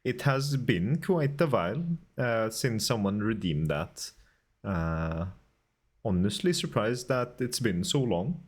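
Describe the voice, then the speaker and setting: Slow-talking man in fake Swedish accent. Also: lowish voice, lively intonation, no echo. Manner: putting on a deliberately terrible Swedish accent; chatty, reads out and answers viewer messages. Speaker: streamer. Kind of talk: casual livestream chat while making game art.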